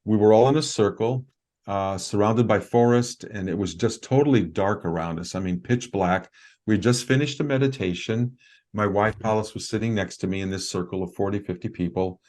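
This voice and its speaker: A man, a guest on a video call interview, telling a story in an earnest, halting way with many fillers and restarts. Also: fairly low pitch, a little mellow.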